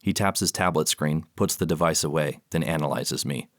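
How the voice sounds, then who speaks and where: A male audiobook narrator with a low, deep voice reads in a measured, even way. The sound is close and very dry, with no room echo. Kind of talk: scripted narration.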